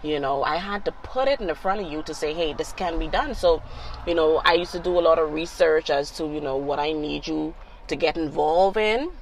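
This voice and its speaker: A woman's voice: low-pitched, brisk, slight background noise, poor audio. A middle-aged woman, a mother talking casually with her grown son, reflective and full of "you know" fillers. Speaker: guest, mother of the host. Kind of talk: casual conversation.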